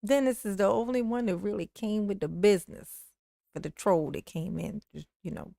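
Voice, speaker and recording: A woman's voice: medium pitch, normal speed, vocal fry, warm tone, dry recording, clean studio sound. A woman streaming live commentary, mocking the clips she plays, laughing often and answering her viewers' chat. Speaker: streamer reacting to court clips. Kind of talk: livestream commentary.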